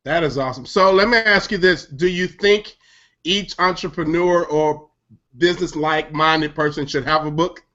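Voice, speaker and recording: High, bright-voiced middle-aged man host. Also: normal speed. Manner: friendly, jokey, apologetic for interrupting. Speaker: talk show host. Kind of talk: casual conversation. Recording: muffled lo-fi audio.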